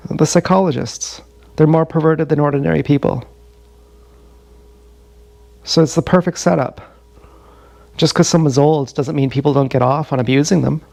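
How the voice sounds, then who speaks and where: Gravelly profane man in his thirties. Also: fairly high pitch, steady tone, moderate pace, long pauses, a little mellow, no echo. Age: 30s. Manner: rambling, profane, confessional. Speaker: streamer. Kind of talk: casual storytelling monologue. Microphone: action camera.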